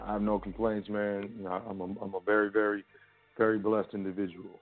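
A man hosting a call-in show, chatting casually and thanking callers in a relaxed way. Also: lowish voice, a little fast. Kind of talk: casual call-in radio chat. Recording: phone-like line with faint music.

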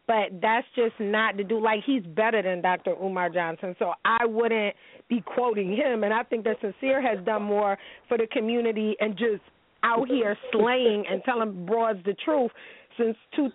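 High-voiced woman radio host, blunt and cussing, dry tinny phone-like sound. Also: moderate pace, no echo. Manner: blunt, profane, animated storytelling. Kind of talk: casual radio talk.

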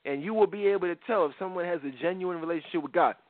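A middle-aged man hosting a radio talk show, preaching in a casual, animated way. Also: high-pitched, racing, dry recording. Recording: dry phone-like radio sound.

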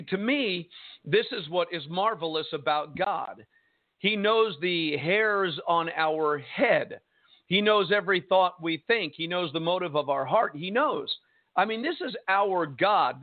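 High-voiced preacher on a phone line. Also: male voice. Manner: emphatic, drawn-out preaching with rhetorical questions. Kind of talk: radio sermon. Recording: tinny phone-line broadcast.

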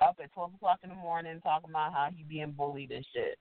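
A man's voice: a little high, fast talker, a little hiss or hum. Mocking man on a tinny line. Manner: mocking, swearing. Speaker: podcast co-host. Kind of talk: casual political chat. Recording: tinny phone-like sound.

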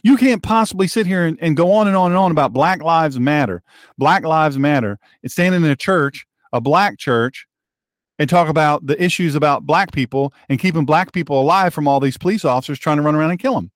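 A man's voice: on the high side, brisk, no room sound, clean studio sound. A man hosting a political talk show, delivering a heated, sarcastic commentary monologue and often repeating himself.

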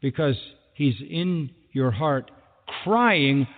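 A man's voice: a little high, expressive, takes it slowly. A man preaching a sermon as a pastor, emphatic and driving points home with repeated phrases. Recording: thin phone-like sound with long hall reverb.

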